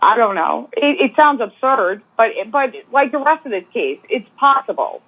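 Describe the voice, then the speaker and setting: A woman with a slightly high voice calls in over a tinny, phone-like line. She lays out her opinions on a true-crime case in casual, speculative talk. Her delivery is assured and opinionated. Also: animated, moderate pace. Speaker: guest commentator. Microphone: phone call.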